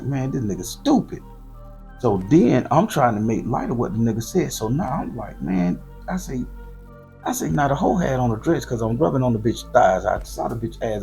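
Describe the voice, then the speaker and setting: A man from southern Florida hosting his channel, telling a graphic, profane story in loose, slangy, animated monologue. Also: mid-range voice, vocal fry. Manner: profane, slangy and animated, voice jumping up for quoted lines. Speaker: storyteller host.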